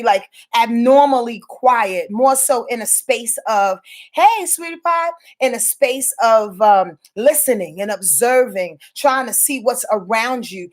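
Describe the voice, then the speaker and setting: A high-pitched woman talks through her weekly astrology forecast, loose and unscripted. She rambles, swears freely and darts into playful asides, her voice jumping up and down as she goes. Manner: rambling, profane, animated, with playful asides and sudden pitch jumps. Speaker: astrologer giving a weekly rundown. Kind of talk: casual spoken forecast.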